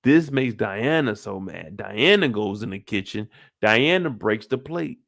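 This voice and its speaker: A man hosting a casual episode recap, animated and profane, firing off rhetorical questions. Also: lowish voice, measured pace, gravelly, no room sound, studio quality. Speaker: show recap host.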